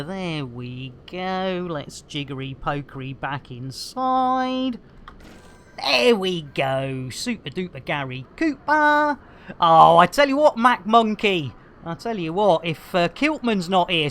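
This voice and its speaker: A woman's voice: on the low side, lively intonation, takes it slowly, fairly bright tone, slight background noise. A woman streaming a game, bantering with her chat in a jokey, bubbly way, full of silly rhyming catchphrases and cheeky innuendo.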